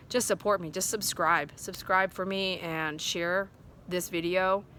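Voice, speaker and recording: A woman's voice: medium pitch, sharp tone, slight background noise. A woman dog groomer talking casually and earnestly to her viewers, rambling from thought to thought, recorded outdoors at sundown. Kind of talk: casual vlog talk to viewers.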